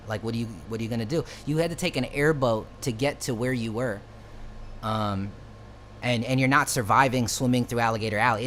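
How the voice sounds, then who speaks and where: A man's voice: mid-range voice, a bit bright, a little hiss or hum. A man telling a personal story in a loose, profane, slangy way, with frequent restarts. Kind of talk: casual storytelling.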